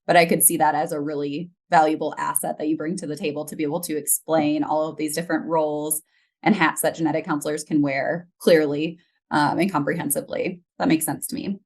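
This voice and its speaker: Woman host with a lowish voice, asks careful encouraging questions. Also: flat delivery, fairly quick. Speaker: genetic counselor, interview host. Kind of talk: interview hosting.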